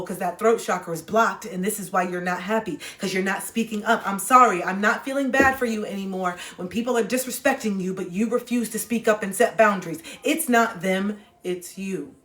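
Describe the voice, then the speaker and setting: Her voice medium in pitch, a livestream host shares spiritual advice in a casual, blunt and preachy manner, slipping in slang. She's recorded on a phone, and the room sounds open and roomy.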